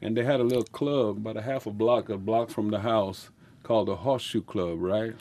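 A man's voice: lowish voice, steady tone, fairly quick, warm tone. An older man with a Louisiana accent, a musician telling rambling stories in an interview with folksy speech and frequent laughter. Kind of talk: storytelling interview.

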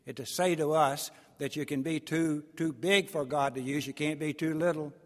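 A man's voice: a little high, steady tone, normal speed, big-room sound. A man preaching a sermon, telling stories in a folksy way and acting out the voices of the people in them.

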